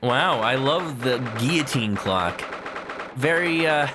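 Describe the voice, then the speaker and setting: A man's voice: mid-range voice, animated, slow pace, background noise. A man streaming a game let's play, chatting playfully and casually with many fillers.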